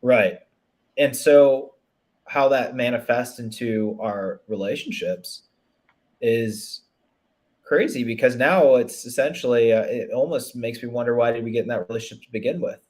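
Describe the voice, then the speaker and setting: A man talking as a relationship coach in a relaxed interview. He is earnest and thoughtful, with a voice of middling pitch. He often restarts his sentences and leans on "you know" as he explains. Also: normal speed. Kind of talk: conversational interview.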